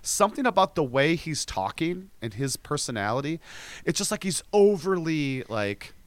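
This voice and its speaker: A man co-hosting a podcast in casual chat, animated and swearing freely as he mimics people in his stories. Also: fairly high pitch, normal speed, no echo. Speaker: podcast co-host.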